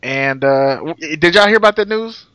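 A man's voice: on the high side, expressive, moderate pace, bright, forceful tone, clean tone, no echo. A man from the United States co-hosting a podcast, teasing and swearing in casual banter. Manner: teasing, profane. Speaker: podcast co-host.

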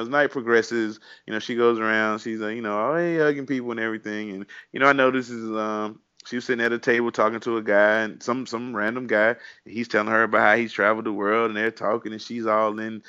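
A man's voice: mid-range voice, fast, pushed and bright, clear, resonant tone, no room sound. Man, podcast co-host, rambling storyteller, muffled lo-fi, dry. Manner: rambling, many "you know" fillers. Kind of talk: casual chat, storytelling. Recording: dull dry lo-fi audio.

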